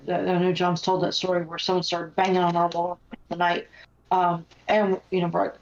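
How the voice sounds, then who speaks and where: A woman's voice: fairly low pitch, monotone, brisk, highs cut off. A woman, a paranormal investigator, talking earnestly as a podcast guest with laughing asides. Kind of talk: casual podcast chat.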